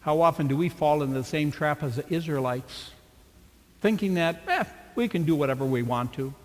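A man's voice: a little high, fairly quick, big-room sound. A man preaching a sermon with dramatic rhetorical questions. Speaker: pastor.

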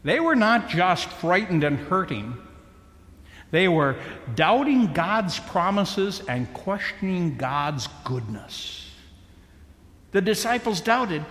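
A man preaching a sermon, slow and emphatic with dramatic pauses. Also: high voice, big pitch swings, fairly bright tone. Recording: echoey hall with long reverb.

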